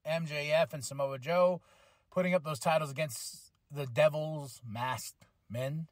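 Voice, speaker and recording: A man hosting a podcast, giving a casual, rambling, excitable recap full of fillers. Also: on the high side, a little slow, dry recording, studio quality. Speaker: podcast host reviewing wrestling. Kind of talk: casual review chat.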